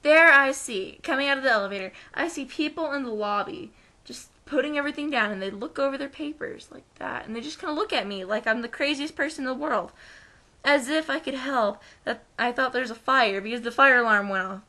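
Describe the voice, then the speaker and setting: A young American woman tells a story straight to her webcam, jumping into lively put-on voices whenever she quotes someone. Her voice sits a little high and sounds bright and crisp. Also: fairly quick. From United States. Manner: animated, acts out quoted voices. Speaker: vlogger. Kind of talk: casual storytelling.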